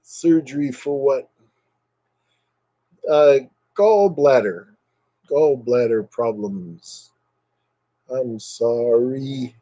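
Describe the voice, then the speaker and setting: A man's voice: mid-range voice, extremely slow, long pauses, dark tone, no room sound, low-quality recording. A man chatting casually with live viewers over a webcam at home, joking and sarcastic, rambling from topic to topic. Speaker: live streamer.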